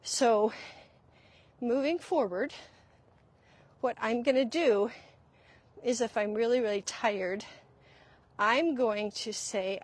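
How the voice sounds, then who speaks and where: A woman's voice: fairly high pitch, a little slow, pauses often. A middle-aged woman hosting a podcast, talking earnestly and confessionally about her own parenting and repeating key points for emphasis. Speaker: podcast host. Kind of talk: reflective solo talk.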